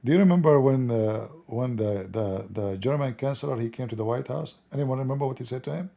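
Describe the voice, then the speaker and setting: A hoarse man talks in loose, rambling commentary and chuckles at his own mocking asides. His voice is gravelly and husky, with a dark, mellow tone. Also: medium pitch, brisk. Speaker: online commentator. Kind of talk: casual spoken commentary.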